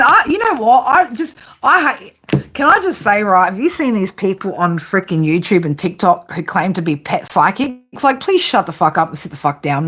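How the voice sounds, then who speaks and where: A woman's voice: medium pitch, a bit bright, slightly rough. A woman giving a casual tarot reading, blunt and profane, often breaking into laughter. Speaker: tarot reader.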